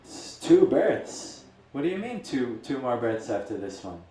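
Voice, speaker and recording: A man voicing an impatient, angry Brahmin in a spoken story, his voice pushed higher. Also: very animated, unhurried, warm tone, echoey room, recorded from a distance, a little hiss or hum, low-quality recording. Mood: indignant. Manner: indignant, frustrated.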